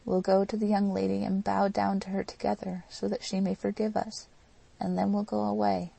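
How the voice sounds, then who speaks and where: A woman's voice: medium pitch, flat delivery, moderate pace, vocal fry, dark tone, poor audio. A woman voicing an impassioned young woman in an audiobook, pleading and emotional. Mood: fervent.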